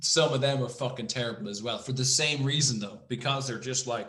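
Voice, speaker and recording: A man's voice: medium pitch, moderate pace, few pauses, fairly bright tone, roomy sound. A man co-hosting a podcast, chatting casually, rambling with many restarts and some swearing. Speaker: podcast co-host. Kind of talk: casual chat.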